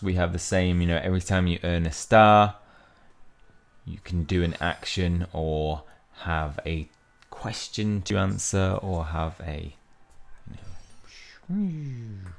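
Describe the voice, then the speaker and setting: Low gravelly-voiced man gaming. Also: slow pace. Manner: chatty, rambling, reads in-game text aloud. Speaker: mobile game let's-play host. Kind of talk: casual gaming commentary.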